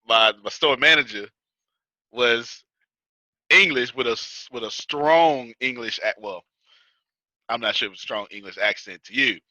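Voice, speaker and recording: A man with a Texas accent teaches a live class in a loose, joking, folksy way. His voice is very bright and his delivery is dry and close. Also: medium pitch, unhurried, long pauses, dry recording, low-quality recording. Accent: Texas, Houston area. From United States. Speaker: business coach teaching a class. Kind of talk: casual teaching talk to a live audience.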